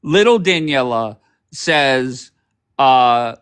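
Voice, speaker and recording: A man's voice: fairly high pitch, lively intonation, unhurried, a bit bright. Profane, sarcastic male livestream host. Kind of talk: ranting commentary on clips.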